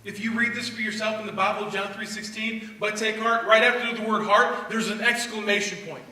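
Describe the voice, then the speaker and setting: Animated man preaching in echoey hall. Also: fairly quick. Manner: animated, swings between loud bursts and low intense asides. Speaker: speaker at a youth faith event. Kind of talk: energetic motivational talk to students. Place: church hall. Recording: echoey hall recorded from far off.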